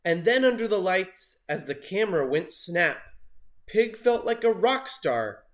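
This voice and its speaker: A man reads a rhyming children's book aloud in a high, unhurried voice. His pitch rises and falls widely, and he throws himself into loud character voices. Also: sing-song. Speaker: storybook reader. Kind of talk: animated picture-book read-aloud.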